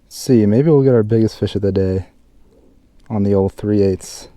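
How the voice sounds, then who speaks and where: A man hosting a fishing vlog, chatting casually outdoors by a mountain pond and getting excited over each catch. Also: lowish voice, moderate pace. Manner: chatty, excited when hooking fish. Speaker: fishing channel host.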